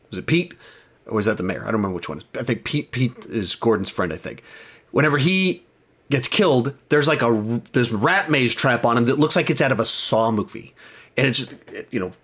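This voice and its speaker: A man's voice: mid-range voice, fairly bright tone. Rambling man reviewing a film. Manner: rambling, self-correcting, retells scenes with quoted lines. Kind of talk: casual spoken film review.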